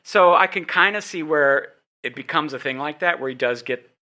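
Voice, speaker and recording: A man co-hosts a relaxed panel talk and rambles through his points with plenty of false starts. His voice is very bright and sits a little high. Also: moderate pace. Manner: rambling, hesitant, many restarts. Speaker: podcast co-host. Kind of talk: casual panel chat.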